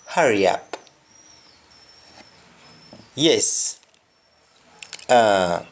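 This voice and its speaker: A man with a Jamaican accent teaches a language lesson at an unhurried pace. He lays out each example carefully and repeats the key words so they sink in. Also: medium pitch.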